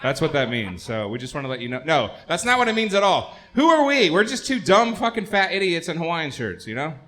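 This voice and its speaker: A man's voice: fairly high pitch, big pitch swings, brisk, a bit bright. A man hosting a live comedy show, crude and joking in a loose, unplanned way. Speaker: host.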